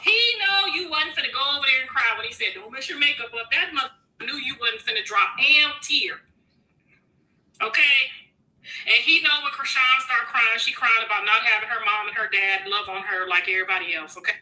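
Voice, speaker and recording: A woman makes her point in a casual, lecturing way, her voice very bright and sharp. She sounds set back from the mic, and the room adds an echo. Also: on the high side, a little fast. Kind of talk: casual commentary. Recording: roomy sound from a distance.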